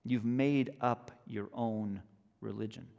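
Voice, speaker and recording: A man preaching a sermon in a relaxed, conversational way, telling a story and slowing down for emphasis. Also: fairly low pitch, gravelly, muffled recording. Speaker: pastor. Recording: long church reverb.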